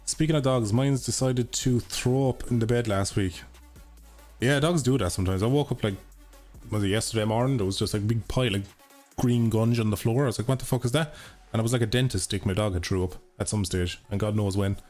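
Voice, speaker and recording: A man's voice: fairly low pitch, fairly quick, darkish tone. A young Irish man chatting casually and swearing freely to his viewers while he plays a racing game live. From Ireland. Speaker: gaming streamer. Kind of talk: casual live-stream commentary while playing. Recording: game music and engine sounds behind. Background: racing game music and car engines.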